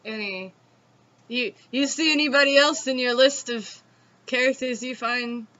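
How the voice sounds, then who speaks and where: This host's voice sits high, with a measured pace and a fairly bright tone. She's a Southern woman from the Southeastern United States leading a casual, chatty conversation with giggles and plenty of swearing, recorded in dull lo-fi sound.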